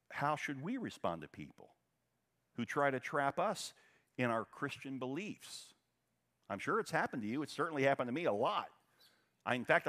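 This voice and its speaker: A man preaching from the pulpit in a mid-pitched voice. His delivery is animated, with the pitch climbing high on questions and sinking low to drive a point home. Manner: animated preaching, pitch rising and dropping sharply for emphasis. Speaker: pastor. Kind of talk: sermon.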